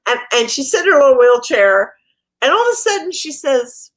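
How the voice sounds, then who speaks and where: A woman's voice: high voice, very animated, brisk, a bit bright. A middle-aged woman from the Midwest, a guest author telling funny stories in a casual interview, laughing often. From American Midwest.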